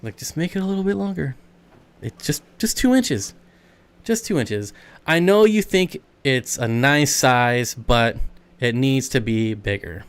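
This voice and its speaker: A man talking casually on a live stream, picking up chat comments and answering them as he goes. His voice is smooth and clear, sitting at an ordinary middle pitch. He rambles a little, loose and conversational. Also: animated, measured pace. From United States.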